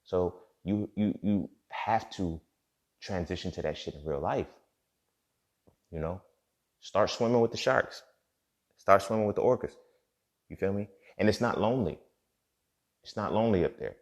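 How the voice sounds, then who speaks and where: Speaking in a low register at a moderate pace with frequent pauses, a male podcast host delivers a casual motivational monologue. His talk is full of profane street slang and repeated "you feel me" checks, and the recording sounds dull and lo-fi.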